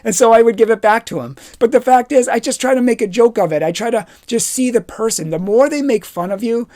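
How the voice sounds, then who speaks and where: A man giving a youth retreat talk, telling personal stories with lively energy and acting out the dialogue. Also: high-pitched. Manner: animated storytelling, acts out dialogue. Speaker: confirmation retreat speaker.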